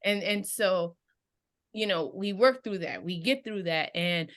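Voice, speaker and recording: A woman's voice: mid-range voice, a little slow. A woman in casual conversation about grief, animatedly telling personal stories and acting out the voices of the people in them.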